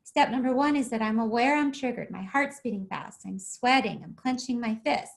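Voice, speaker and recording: High-voiced woman explaining parenting steps. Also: gravelly. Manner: keeps checking in with listeners with "okay?" and "right?"; acts out parent and child with quick shifts in voice. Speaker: parenting coach.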